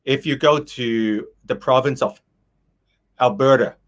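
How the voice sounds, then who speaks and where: This is a man hosting a relaxed interview. He talks casually and hesitantly, often restarting his sentences and filling pauses. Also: medium pitch. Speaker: host. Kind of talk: interview chat.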